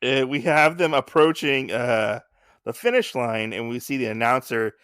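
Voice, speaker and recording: Clear and resonant, this man's medium-pitched voice comes through at normal speed in a clean studio recording without room sound. He co-hosts a casual podcast, retelling a comic chapter with animation and performing the characters' dialogue.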